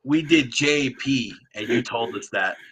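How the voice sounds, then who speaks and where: A man's voice: medium pitch, unhurried, pushed and bright, a little hiss or hum. A man hosting a podcast, chiming in with casual chat and laughter. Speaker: podcast host.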